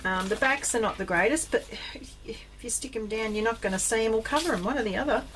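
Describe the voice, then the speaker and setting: An Australian woman chatting casually in a rambling vlog about her craft finds, full of ums, with bursts of excitement. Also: a little high, fast talker, a little hiss or hum. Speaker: craft vlogger.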